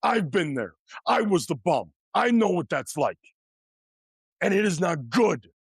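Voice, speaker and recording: A man's voice: sits high, very animated, measured pace, gravelly, husky, no echo. A man hosting a podcast, delivering a blunt motivational monologue in an emphatic, preachy way and repeating his points. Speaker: podcast host.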